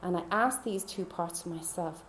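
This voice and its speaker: A woman's voice: on the low side, moderate pace, fairly bright tone, a little hiss or hum. A woman podcast host telling her personal faith testimony in a heartfelt, confiding way. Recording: roomy echo.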